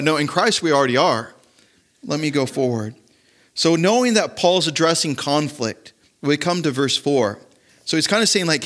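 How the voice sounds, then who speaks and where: A man's voice: mid-range voice, moderate pace, fairly bright tone. A man, a pastor, preaching a conversational sermon and asking his listeners frequent rhetorical questions.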